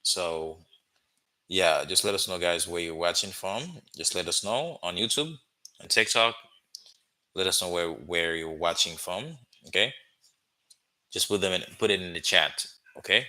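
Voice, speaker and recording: Haitian-accented male teacher on a livestream, deep bright voice, patient and repetitive. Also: low-quality recording. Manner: slow, drilling repetitions, frequent "okay?" checks. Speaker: language teacher. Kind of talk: livestream language lesson.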